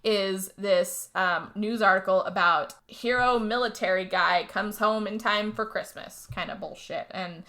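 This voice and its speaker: Young woman podcast co-host, bright and forceful voice; lively, profane movie recap with acted-out lines. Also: medium pitch, a little slow, few pauses. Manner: animated storytelling, swearing, acts out character lines. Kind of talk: casual chat.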